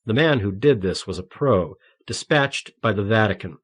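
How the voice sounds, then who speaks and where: A man voicing a soft-spoken young priest. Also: animated, moderate pace. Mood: reasoning. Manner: soft, low and consoling.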